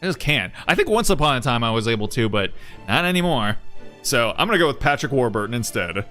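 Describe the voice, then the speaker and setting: Brief: bright, animated guy live-streaming a game, loose and jokey with swearing. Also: medium pitch, fast, soft background music. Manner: animated, joking, swears often.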